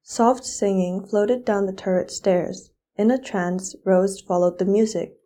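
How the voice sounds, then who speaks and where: A teenage girl reading a fairy tale aloud in an expressive storybook style. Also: mid-range voice, a little slow. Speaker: student reader.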